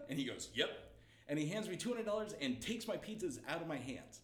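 A man's voice: fairly high pitch, brisk. A young man tells a story with a voice that swings freely up and down, laughing and acting out what everyone said. The room around him is echoey. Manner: lively, laughing, acts out quotes. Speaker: comedian guest. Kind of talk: animated storytelling.

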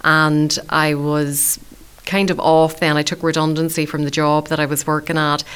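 Low, smooth-voiced woman. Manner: chatty, warm-humoured and self-deprecating. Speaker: community radio food show presenter. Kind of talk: relaxed storytelling in an interview.

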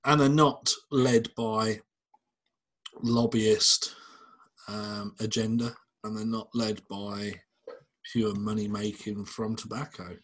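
A man's voice: lowish voice, little pitch movement, slow. A man co-hosting a casual podcast, teasing his partner and ranting with plenty of swearing. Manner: teasing, ranty, swears freely. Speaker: podcast co-host. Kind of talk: casual chat.

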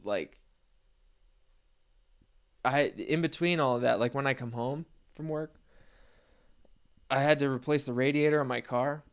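Smooth-voiced man rambling casually. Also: medium pitch, unhurried, long pauses. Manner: rambling, profane, self-deprecating storytelling with laughs.

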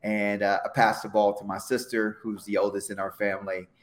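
A middle-aged former football player talking on a podcast in a relaxed, reflective way. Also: male voice, fairly low pitch, a little fast. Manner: reflective, lots of fillers and restarts. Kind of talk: casual podcast conversation.

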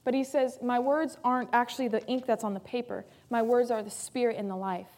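A woman's voice: on the high side, steady tone, fairly quick, a little mellow. A woman pastor preaching a sermon in an earnest, emphatic way, repeating key phrases for weight.

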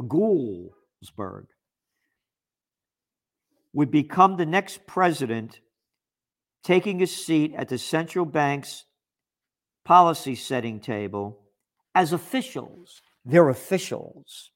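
A man ranting in political commentary, sarcastic and emphatic. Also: fairly high pitch.

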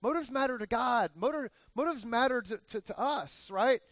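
A man's voice: very high voice, expressive, normal speed, a bit bright, dry recording, studio quality. A male pastor giving a conversational sermon, often repeating phrases for emphasis and adding joking asides.

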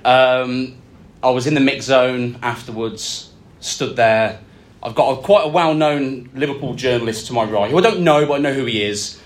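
A man, co-hosting a live podcast and telling stories with lively delivery in a function suite. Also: medium pitch, normal speed. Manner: lively storyteller, acts out quotes. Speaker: podcast co-host.

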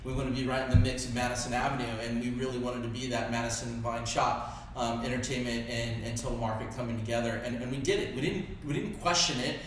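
A man's voice: medium pitch, fairly even intonation, quick pace, noisy background. Rambling enthusiastic man in an echoey room. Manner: enthusiastic and rambling, with many fillers. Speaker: podcast host, business co-founder. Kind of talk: casual chat. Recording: very echoey room with faint background ambience.

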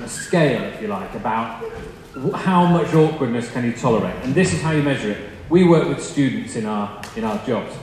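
A young male preacher tells a humorous, self-deprecating story in a relaxed, chatty sermon style at a middle pitch. His voice rings through a large, very echoey hall with a long reverb tail. A faint hum of noise sits underneath.

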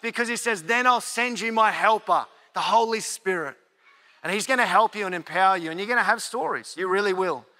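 A man preaching a sermon in a high, bright, ringing voice. He talks earnestly and conversationally, acting out his own inner dialogue. The sound carries a long hall reverb. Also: brisk. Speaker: pastor.

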